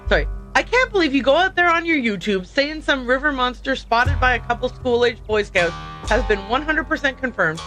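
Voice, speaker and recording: An eager young woman who hunts monsters for her video channel, earnest and upbeat, pitched a little higher with lively swings, as a woman reads her. She speaks in quick, keen bursts in a story game. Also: soft background music.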